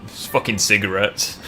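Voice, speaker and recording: A man's voice: on the low side, expressive, unhurried, noisy background. A man hosting a casual gaming stream, joking and bantering with chat. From England (York). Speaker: streamer host.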